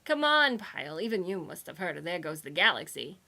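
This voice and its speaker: A woman voicing a gruff, dismissive young female space salvager. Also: fairly low pitch, big pitch swings, a little fast, sharp tone, heavily acted.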